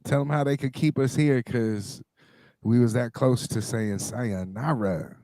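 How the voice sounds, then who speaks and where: A man's voice: medium pitch, measured pace, dry recording, studio quality. A man acting as DJ co-host on a live stream, talking casually and hyping up the chat. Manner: relaxed, hypes the audience.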